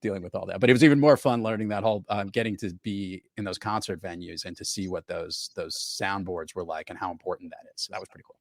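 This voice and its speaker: A man's voice: sits low, fast, hardly any pauses, no room sound, clean studio sound. A middle-aged man hosting a podcast, chatting casually and telling stories. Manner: chatty, storytelling. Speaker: podcast host. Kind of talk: casual chat.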